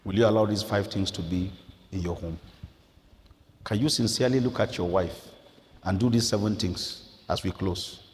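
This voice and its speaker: A middle-aged male pastor with a Nigerian accent preaching a sermon in a church, swinging between quiet, earnest passages and loud, emphatic rises. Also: low-pitched, moderate pace, pauses often. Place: church hall. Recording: reverberant church hall.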